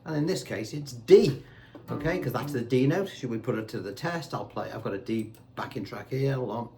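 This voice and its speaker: A man's voice: medium pitch, brisk. Chatty man teaching guitar. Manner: chatty, asks rhetorical questions. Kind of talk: casual guitar lesson. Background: faint guitar and backing tracks.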